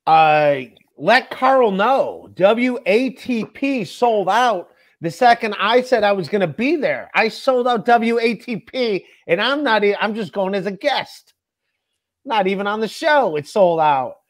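A man in casual live-show banter, boastfully joking then deadpan. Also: high-pitched, a little slow.

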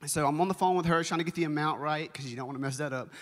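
A young man, a children's pastor, preaching a sermon and telling a story in an animated, conversational way, speaking straight to his congregation. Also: fairly high pitch, rapid-fire. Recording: long reverb of a large hall.

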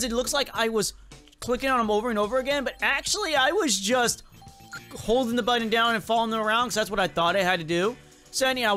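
A young man hosting a gaming video, giving excited play-by-play commentary and crooning over every good pickup. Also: sits high. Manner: hyped, croons "oh yeah, baby" at loot.

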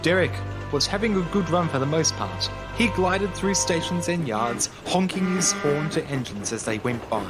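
Man narrating a calm storybook. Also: fairly high pitch, normal speed, few pauses. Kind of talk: scripted narration. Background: music.

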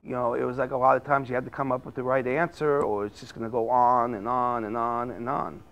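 A man looks back on hard times in a documentary interview. He stresses his points by repeating phrases. His voice is of middling pitch, and faint noise sits in the background. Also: little pitch movement, brisk, gravelly, a bit bright, low-quality recording. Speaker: interviewee, former student.

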